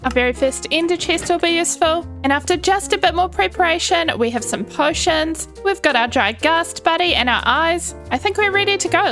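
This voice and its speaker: A woman's voice: high voice, a bit bright. A young woman giving bubbly, chatty gameplay commentary, cooing at the animals in her game. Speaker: Minecraft YouTuber. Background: faint background music.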